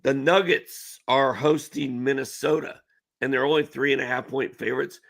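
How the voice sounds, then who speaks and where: Gravelly man with confident picks. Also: mid-range voice, fairly even intonation, normal speed, fairly bright tone. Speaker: co-host. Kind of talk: sports betting chat.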